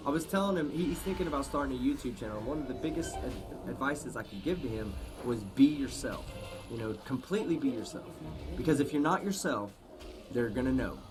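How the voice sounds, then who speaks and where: A man hosting a live stream, chatting casually, swearing often and thanking viewers with emphatic shouts. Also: medium pitch, lively intonation, fairly quick, music in the background. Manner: profane, emphatic, shouts out supporters. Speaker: livestream host. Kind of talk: casual livestream chat.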